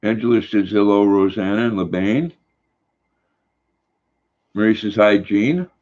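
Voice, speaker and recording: An older man hosts a livestream, chatting casually and reading viewer comments aloud in a folksy, rambling way. His voice sits on the low side with a darkish tone, and he speaks at a measured pace. The recording is dull and lo-fi.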